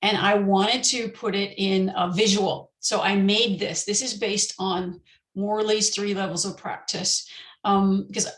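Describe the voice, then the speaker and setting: Woman teacher giving a conference talk, bit of vocal fry, lots of ums, echoey room. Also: mid-range voice. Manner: explanatory, with frequent ums and restarts.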